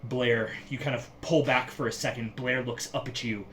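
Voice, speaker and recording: A man narrating a tabletop game as game master, describing scenes slowly and vividly. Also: mid-range voice, steady tone, fairly bright tone, a little hiss or hum.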